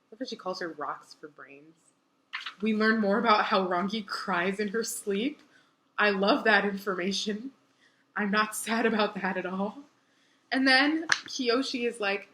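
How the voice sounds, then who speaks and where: A woman's voice: mid-range voice, moderate pace, a bit bright. A young woman talking casually and chattily to viewers on a live stream, with lots of fillers. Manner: chatty, bubbly, full of filler. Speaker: book reader and fan host. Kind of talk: casual chat. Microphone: phone.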